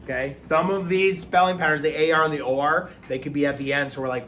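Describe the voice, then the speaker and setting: A man's voice: on the high side, a little fast, a bit bright. A male teacher giving a phonics lesson to young children, patiently sounding out words step by step. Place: classroom. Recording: echoey room with faint noise.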